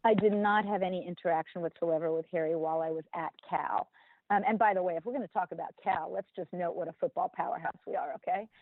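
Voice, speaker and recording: A woman guest in a casual interview, speaking in measured, formal phrases with frequent ums. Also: fairly low pitch, fairly even intonation, no echo, phone-quality sound. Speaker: interview guest, former football executive.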